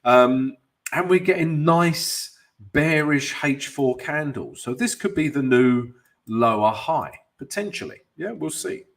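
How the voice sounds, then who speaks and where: A man's voice: a little high, expressive, takes it slowly, a bit bright. A man with a cold hosting a live trading stream, chatty and upbeat, greeting viewers by name and adding self-mocking asides while walking through charts at his desk mic. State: has a cold. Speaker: forex trading host. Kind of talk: livestream trading talk and chart walkthrough.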